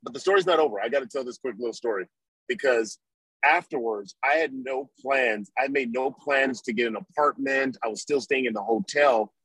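Husky-voiced former football player telling stories. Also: male voice, mid-range voice, moderate pace, no echo, poor audio. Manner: animated storyteller, acts out his own past thoughts. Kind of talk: storytelling interview.

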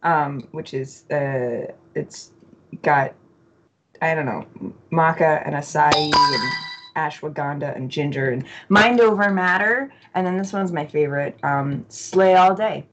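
A woman's voice: deep voice, unhurried, a little hiss or hum, rough recording. An American woman guest chatting playfully on a podcast, giggly. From United States. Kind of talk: casual chat.

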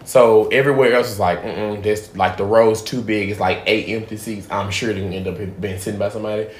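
Guy telling a cussing story on a podcast, loud then hushed, roomy echo. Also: lowish voice, fairly quick, slight background noise. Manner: profane, animated storyteller, drops to a hush for asides. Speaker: podcast host. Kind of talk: casual storytelling chat. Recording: echoey room.

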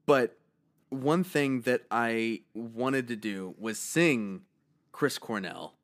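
A man co-hosting a podcast in casual chat, slightly hoarse, telling stories with lots of swearing and laughter. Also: medium pitch, takes it slowly. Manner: animated storytelling, swears freely, laughs a lot. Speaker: podcast co-host.

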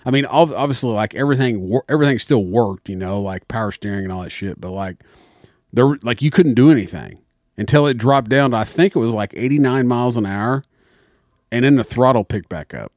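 A man's voice: medium pitch, brisk, a little mellow, no room sound, studio quality. A young man, a little tipsy, telling a long profane story in casual chat. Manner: rambling, profane storyteller, acts out voices. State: slightly tipsy.

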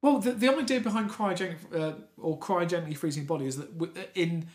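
A man's voice: high-pitched, quick pace. A man co-hosting a comedy podcast, reading out odd news stories and laughing often between jokes. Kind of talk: casual comedic chat.

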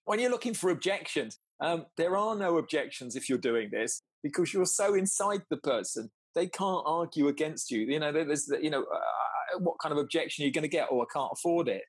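Guy on a podcast, husky and kinda high voice, dry close sound, laughs a lot while telling stories. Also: lively intonation, a little fast, few pauses, dry recording. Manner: chatty, laughs often, acts out both sides of conversations. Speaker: podcast guest. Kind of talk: casual storytelling chat.

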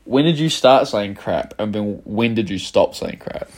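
A man's voice: on the low side, animated, a little slow. A man co-hosting a podcast in casual chat, making crude jokes, restarting his sentences and laughing a lot. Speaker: podcast co-host.

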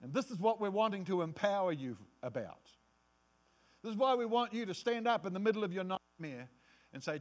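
A male pastor preaching a sermon, acting out quotes in different voices and dropping to a low hush for emphasis. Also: lively intonation, a little fast.

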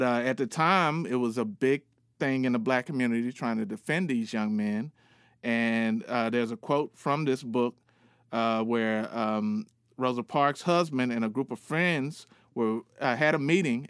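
A man's voice: medium pitch, a little slow, smooth, dry recording, studio quality. Earnest man with a New York accent. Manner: relaxed, earnest, with many fillers. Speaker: podcast co-host giving book recommendations. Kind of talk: casual podcast segment.

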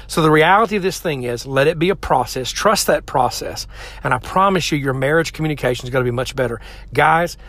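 A man's voice: a little high, fairly bright tone. A man giving earnest, direct relationship advice to couples, talking straight to the men and the ladies listening. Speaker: relationship speaker. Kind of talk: motivational advice talk.

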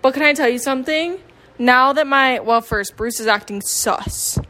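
A woman's voice: high-pitched, normal speed, bright, forceful tone. A nineteen-year-old woman chatting casually into her phone at home, rambling and self-deprecating, full of fillers and restarts. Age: late teens. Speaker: vlogger. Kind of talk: casual confessional chat. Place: home with dogs.

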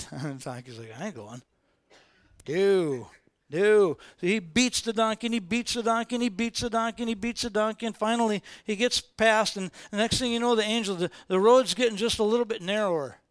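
A man preaching a sermon as informal, animated storytelling, repeating phrases for emphasis. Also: high-pitched, fast talker, smooth, dry recording. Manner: animated, repetitive, colloquial storytelling.

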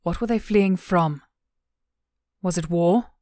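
A woman voicing a calm, patient woman officer who questions a prisoner with gentle, coaxing questions in an audiobook. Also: lowish voice, takes it slowly, no echo, studio quality.

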